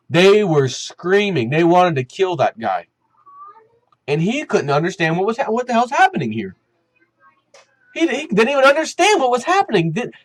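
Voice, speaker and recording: Male commentary host, high voice, dry close sound, heated unscripted rant. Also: dry recording, low-quality recording. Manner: animated, heated, many fillers. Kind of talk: opinion rant.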